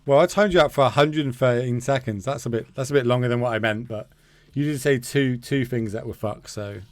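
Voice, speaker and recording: A man's voice: medium pitch, brisk, dry recording. A man streaming a card game, chatting casually with his viewers, joking and swearing.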